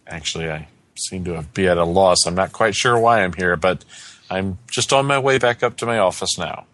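A cheery gentleman detective, as a game master puts him on, polite and formal with a puzzled edge, jumping up high at moments of surprise. The voice underneath sits deep. It is a tabletop role-play figure. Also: moderate pace. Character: pleasant cheery male ship detective, confused.

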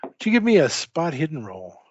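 A man narrating a tabletop game as game master, speaking haltingly with many filler pauses. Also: on the high side, wildly swooping pitch, no echo. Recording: dull lo-fi dry recording.

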